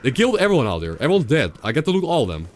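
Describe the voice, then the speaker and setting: A man's voice: medium pitch, huge pitch swings, rapid-fire, slight background noise. A young man streaming a video game, rambling and sarcastic, often repeating himself. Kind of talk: casual gameplay commentary.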